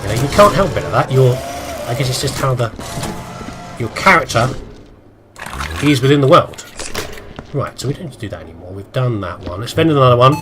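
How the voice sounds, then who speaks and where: A British let's play host rambles through a video game, chatting to himself and poking fun at himself as he plays. His mid-range voice is animated and fairly quick, broken by long pauses, with music playing in the background.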